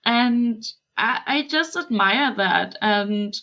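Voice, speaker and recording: A woman's voice: fairly high pitch, animated, slow pace, bright, forceful tone. A woman co-hosting a podcast, earnest and admiring, often restarting her sentences in casual fan chat. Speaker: podcast co-host.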